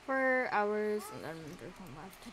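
A woman's voice: mid-range voice, big pitch swings, slow pace, a crowd in the background. A young woman streaming a life-simulation game, chatting casually to her viewers and coaxing her characters along. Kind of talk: casual gameplay commentary.

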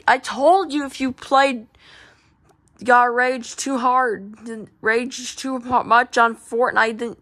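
A woman's voice: high voice, fairly bright tone. A woman voicing a female bear friend who scolds and stumbles over her words.

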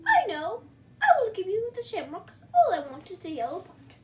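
A woman voicing an eager, fretful young male rabbit in a storybook reading, pitching his lines a little higher and louder, with faint background noise. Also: wildly swooping pitch, moderate pace, exaggerated voice. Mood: upset.

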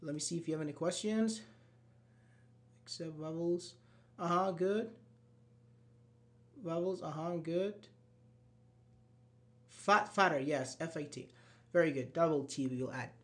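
A man teacher leads a live English grammar lesson. He keeps the students involved with quick questions, uh-huhs and short praise, and he spells out examples letter by letter. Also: fairly high pitch, a bit bright.

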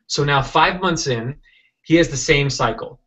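Animated man telling a story over a call. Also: a little high, unhurried, muffled recording. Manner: animated, rambling, many restarts and acted-out quotes. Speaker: interview guest, software entrepreneur. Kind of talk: casual storytelling interview.

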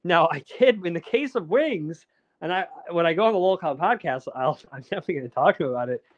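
A man's voice: fairly high pitch, lively intonation, quick pace, dry recording, lo-fi sound. A man, a documentary filmmaker, chatting casually as a guest and rambling with lots of fillers and restarts. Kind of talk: casual interview chat.

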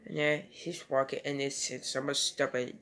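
A man's voice: mid-range voice, little pitch movement, moderate pace, a bit bright. A man giving a casual home video movie review and retelling scenes in a rambling, loosely strung way.

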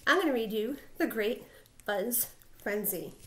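A woman teacher reading a picture book aloud to her school, expressive, with dramatic sound words. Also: on the high side, unhurried, noisy background.

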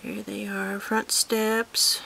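A woman's voice: mid-range voice, little pitch movement, very slow, gravelly, pushed and bright, slight background noise. Chatty woman in a cluttered home room. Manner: chatty, apologetic asides. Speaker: crafter showing a handmade miniature. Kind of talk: casual show-and-tell vlog. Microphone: handheld digital camera.

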